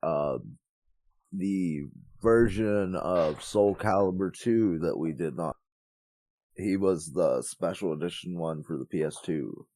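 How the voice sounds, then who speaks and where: A man's voice: deep voice, slow, dark tone, no echo. A man co-hosting a podcast, chatting casually in a laid-back way with short replies and some swearing. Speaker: podcast co-host. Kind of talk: casual chat.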